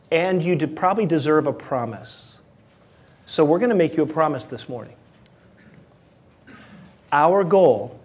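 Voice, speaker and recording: A man's voice: fairly high pitch, darkish tone. A man preaching a sermon as pastor, earnest and emphatic, often correcting himself mid-sentence.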